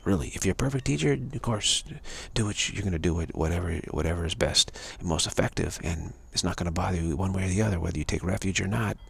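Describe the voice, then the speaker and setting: Gravelly deep-voiced man rambling earnestly. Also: fast, few pauses, a bit bright. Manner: repetitive, stumbling restarts, earnest. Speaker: spiritual teacher. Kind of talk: rambling live-stream spiritual talk. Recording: live-streamed talk.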